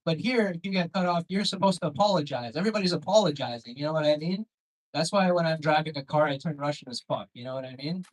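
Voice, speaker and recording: Male stand-up comic, brash and crude, slightly high voice, club stage. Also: poor audio. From Canada. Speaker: stand-up comedian. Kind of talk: stand-up comedy set.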